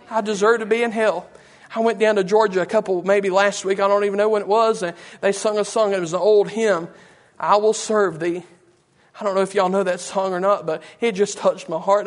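A man preaching an impassioned, repetitive, emotional sermon. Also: high-pitched. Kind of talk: fervent sermon.

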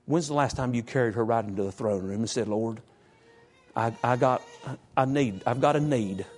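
A man preaching a sermon in a folksy, emphatic way, jumping up in pitch to stress a point. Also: normal speed.

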